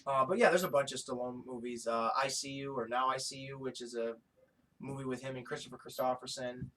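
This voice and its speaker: A man co-hosting a podcast in casual chat, excitable and profane, often breaking into laughter. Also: medium pitch, fairly quick, slight background noise. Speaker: podcast co-host.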